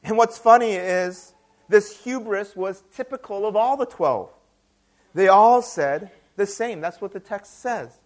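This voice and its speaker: Man, high-pitched, preaching, conversational, repeats words, tag questions. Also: measured pace. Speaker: pastor. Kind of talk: sermon.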